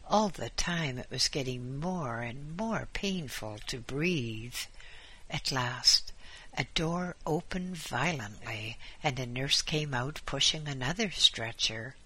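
A man narrating a story in a measured, descriptive way. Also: medium pitch, pushed and bright, slightly rough.

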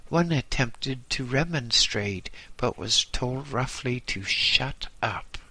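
A man reading a first-person story aloud in a slow, measured way. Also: medium pitch, animated, bright, forceful tone, no room sound, low-quality recording. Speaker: narrator.

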